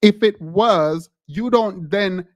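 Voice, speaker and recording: A man hosting a casual live call-in stream, animated and laughing, often breaking off mid-sentence. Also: high voice, takes it slowly, muffled recording. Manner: animated, laughing, self-interrupting.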